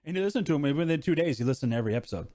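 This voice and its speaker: A man co-hosting a casual podcast, relaxed and chiming in with short reactions before telling his own story. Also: on the high side, rapid-fire. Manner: laid-back, chimes in with short reactions. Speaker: podcast co-host. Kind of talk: casual chat.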